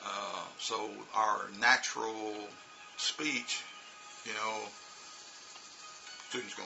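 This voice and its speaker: A man's voice: fairly low pitch, steady tone, takes it slowly, vocal fry, low-quality recording. A middle-aged American man talking casually as an English teacher in a vlog, demonstrating pronunciation with spoken examples. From United States. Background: background music.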